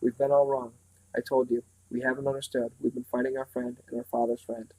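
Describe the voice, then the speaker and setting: A man reading aloud, voicing a small boy under another's control who speaks in a calm, reasonable, slightly raised voice. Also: medium pitch, fairly quick, vocal fry, rough recording. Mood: eerily calm.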